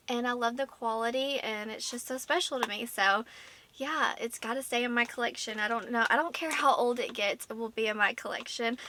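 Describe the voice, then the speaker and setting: Chatty woman with a bright voice. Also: fairly high pitch, dry recording. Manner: chatty, fills with "like". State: slightly out of breath. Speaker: beauty vlogger. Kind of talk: casual vlog talk.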